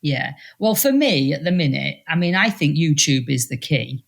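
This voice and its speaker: Woman, low pitch, gravelly, animated storyteller, podcast guest. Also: moderate pace. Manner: animated, acts out quotes in high voices. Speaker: podcast guest, speaker and mentor. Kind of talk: casual storytelling chat.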